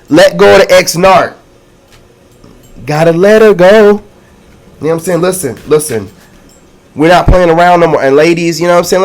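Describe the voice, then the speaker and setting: A man giving a casual tarot reading to his viewers, excitable and slangy, repeating catchphrases and calling out to the audience. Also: mid-range voice, vocal fry, slight background noise. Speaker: tarot reader.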